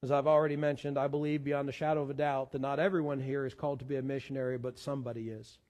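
Earnest pastor preaching in a reverberant church. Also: male voice, medium pitch, flat delivery, rapid-fire, a little mellow. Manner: earnest, repeats words when searching for the next one. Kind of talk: sermon. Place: church sanctuary.

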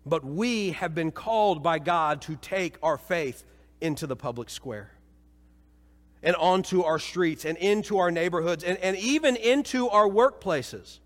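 A man from Missouri preaches to his church with a high voice that carries a long reverb through the hall. He tells his story with lively energy, then sinks into low, solemn appeals to the congregation. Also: measured pace. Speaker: pastor. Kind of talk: sermon.

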